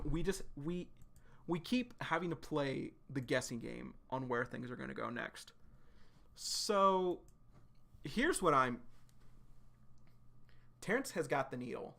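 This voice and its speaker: A man streaming a live reaction to a webcomic, excitedly recapping and speculating, swearing freely. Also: fairly high pitch, unhurried, creaky, long pauses.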